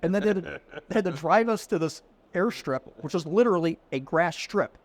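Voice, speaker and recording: With a voice that sits high and a fairly quick pace, this middle-aged man recounts a casual anecdote as a podcast guest. At a conference venue, he performs the quoted lines like a lively storyteller.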